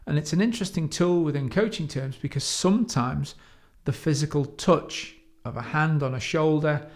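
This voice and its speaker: A man from the United Kingdom giving a measured teaching talk on coaching, slowing down to stress key words. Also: on the high side, a little mellow. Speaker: coach trainer.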